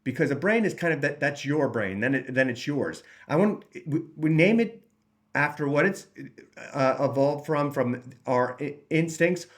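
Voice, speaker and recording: Speaking on the high side with animation and at normal speed, a man from a recovery channel talks earnestly about overcoming addiction. He rambles, restarts frequently and dramatizes his inner thoughts in voices.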